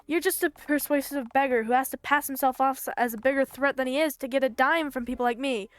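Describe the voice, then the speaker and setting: A woman's voice: sits high, fairly even intonation, fast talker, natural voice. A woman voicing a sleazy male caller who is a pushy mugger and throws around pet names. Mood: indignant. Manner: smarmy, calls people pet names.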